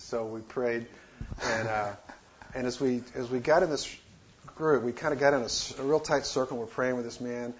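A man telling a personal missionary story in a casual, halting way, with many fillers and restarts. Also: mid-range voice, fairly even intonation. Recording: dull lo-fi recording with faint noise.

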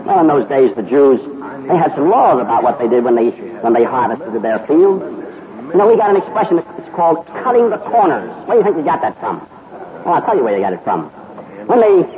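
Dramatic male preacher, higher voice, heard over a thin radio broadcast with a congregation behind. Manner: dramatic, acts out the characters' speech. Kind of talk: sermon storytelling. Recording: tinny phone-like radio broadcast with crowd noise.

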